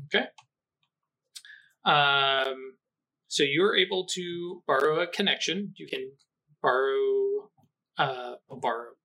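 A man's voice: mid-range voice, slow, pauses often, pushed and bright. A man running a tabletop game as game master, explaining rules with many fillers and restarts.

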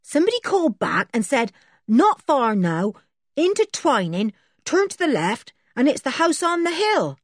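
A woman voicing an eager, cheerful teenage garage boy who chatters excitedly in a storybook reading. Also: high-pitched, normal speed, no room sound, studio quality, voice pushed up.

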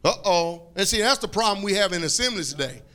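A man preaching a fiery sermon, repeating phrases, calling for responses and breaking into shouts. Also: high voice, expressive, quick pace.

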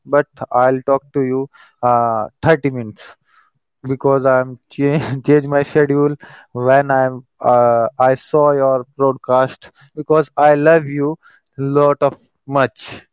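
Eager man speaking halting broken English. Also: mid-range voice, flat delivery, clear, resonant tone, dry recording, muffled recording. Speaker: guest caller. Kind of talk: casual chat.

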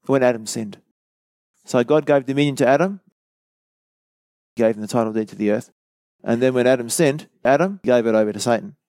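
A man's voice: mid-range voice, darkish tone, no echo. A man giving a conversational bible study sermon, explaining verse by verse with casual asides. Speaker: bible teacher.

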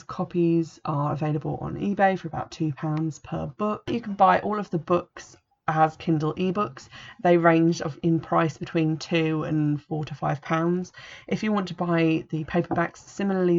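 A woman's voice: deep voice, fairly even intonation, moderate pace, darkish tone. A woman reviewing a book and reading an extract aloud in a plain, matter-of-fact way. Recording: dull lo-fi recording.

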